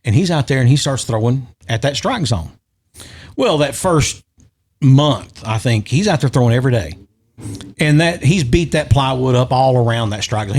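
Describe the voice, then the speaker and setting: On a casual podcast, a middle-aged man with a medium-pitched voice, either guest or host, tells a long story animatedly, acting out the voices of the people he quotes.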